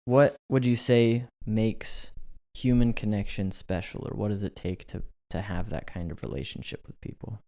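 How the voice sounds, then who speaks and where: A man interviewing his wife on their podcast in a relaxed, teasing way. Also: lowish voice, normal speed, few pauses. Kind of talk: casual interview chat.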